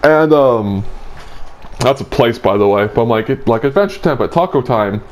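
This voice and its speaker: A man's voice: mid-range voice, animated, normal speed, slight background noise. Rambling, crude young man telling a dream. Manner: rambling and crude, full of filler likes. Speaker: host retelling his dream. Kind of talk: casual chat.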